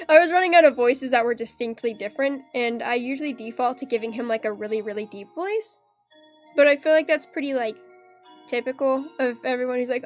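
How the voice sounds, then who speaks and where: A young woman with a high, light voice chatting while she streams a game. She rambles casually, leaning on fillers as she thinks aloud. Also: brisk, soft background music.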